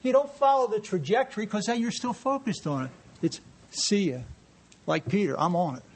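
Male preacher, high voice, lively and joking with the congregation, reads scripture aloud. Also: moderate pace. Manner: animated, jokey, reading scripture aloud to a congregation. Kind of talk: sermon. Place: church sanctuary.

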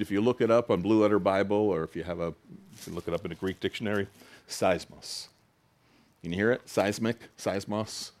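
A man preaching a sermon in a conversational, expressive way, rising high for quoted lines and dropping low for emphasis. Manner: conversational, with asides and laughs. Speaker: pastor.

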